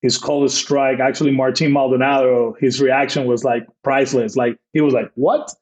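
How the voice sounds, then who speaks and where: A man's voice: medium pitch, little pitch movement, a little fast, a little mellow, poor audio. A man in his forties, a baseball manager, telling rambling stories as a podcast guest, full of fillers and acted-out quotes. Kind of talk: casual storytelling interview.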